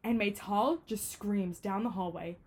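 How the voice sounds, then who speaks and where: A young adult woman co-hosting a podcast, telling stories in animated, filler-heavy casual chat. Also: medium pitch, a little slow, husky. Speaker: podcast co-host.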